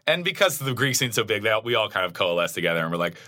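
A young man, a comedian, chatting casually and telling profane, animated stories. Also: fairly low pitch, racing. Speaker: comedian guest. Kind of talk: casual chat.

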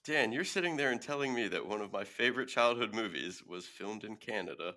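A man co-hosting a casual podcast, loud and mock-outraged as he banters. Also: fairly low pitch, lively intonation, brisk. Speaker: podcast co-host.

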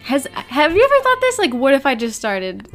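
A woman's voice: sits high, huge pitch swings, a bit bright, soft background music. A woman co-hosting a podcast in casual, giggly chat, laughing often between thoughts. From United States. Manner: giggly, chatty, drawn-out delivery. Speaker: podcast co-host.

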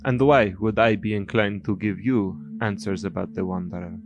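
A man takes the role of a shrewd, formal adventurer who weighs every deal warily. His lowish voice stays stiff and careful, and soft music with a singing bowl plays behind him. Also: fairly even intonation, moderate pace, close to an everyday voice. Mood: wary. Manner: formal, wary, bargaining. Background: ambient music with singing bowl.

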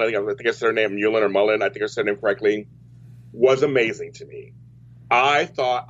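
A man hosting a soap opera chat show, talking casually and rambling with many restarts. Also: on the low side. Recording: dull lo-fi audio.

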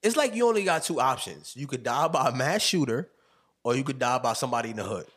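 Husky young man with lively, laughing chat. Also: medium pitch, fast. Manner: laughs often, animated storytelling. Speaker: podcast host. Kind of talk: casual chat.

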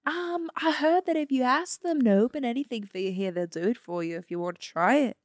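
A woman playing an excited Australian tourist with a put-on Australian accent. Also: a little high, fairly quick, no echo, studio quality, voice pushed up, lightly acted. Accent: mock Australian accent. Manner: excited, giggly improv.

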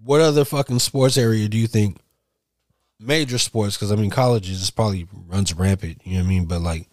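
A man's voice: lowish voice, a little fast, darkish tone, dry recording, clean studio sound. A man co-hosting a casual podcast, talking loosely with lots of swearing and trailing off into mumbles. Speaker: podcast co-host. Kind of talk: casual chat. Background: faint music.

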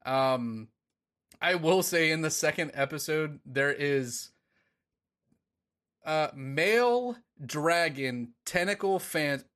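A man's voice: a little high, expressive, slow pace, fairly bright tone. A man co-hosting a podcast in a rambling, casual chat, swearing and laughing often. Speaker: podcast co-host.

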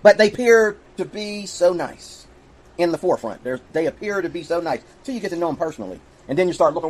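A man's voice: a little high, lively intonation, fast talker, low-quality recording. A man in a played clip preaching insistently, repeating questions and talking about the Lord. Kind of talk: preachy monologue.

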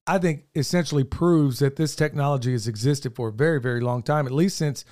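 A man's voice: mid-range voice, a little fast, darkish tone. A middle-aged man, co-hosting a podcast in earnest, rambling casual chat, his voice wearing thin. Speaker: podcast co-host.

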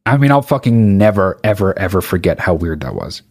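A young man with a fairly low voice tells a rambling comic story full of swearing and deadpan asides. The recording is dry and close, with no room sound. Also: a little fast, breathy edge, no room sound. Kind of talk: casual comic anecdote.

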